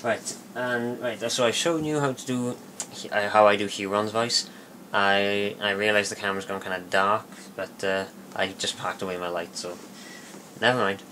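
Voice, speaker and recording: A man giving a casual spoken tutorial, rambling and halting with many fillers and restarts. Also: fairly low pitch, steady tone, pushed and bright, slight background noise. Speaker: video tutorial maker.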